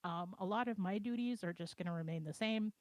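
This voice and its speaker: A woman co-hosting a casual livestream chat, explaining plans in a relaxed, conversational way from home over a voice call. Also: medium pitch, fairly quick, dry recording. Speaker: project co-owner and co-host. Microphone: computer mic on a voice chat.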